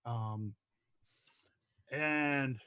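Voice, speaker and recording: Halting male game master. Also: medium pitch, bright, forceful tone, clear, resonant tone. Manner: halting, with many fillers. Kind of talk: narrating a tabletop game.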